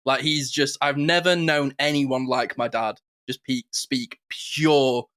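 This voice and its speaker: A man, co-hosting a podcast and telling stories with quick impressions in casual chat. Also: medium pitch. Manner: animated, quick storytelling with impressions. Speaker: podcast co-host.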